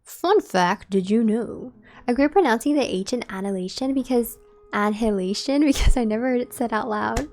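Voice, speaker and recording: A woman's voice: fairly high pitch, animated, fairly quick, a little mellow. A woman streaming a game and chatting casually with her viewers, musing aloud. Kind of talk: casual gameplay commentary.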